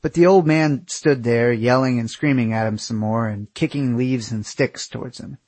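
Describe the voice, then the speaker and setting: Husky male memoir narrator, wry and candid, dry close-miked read. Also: mid-range voice, no echo. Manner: wry, candid, casual swearing. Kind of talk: first-person memoir narration.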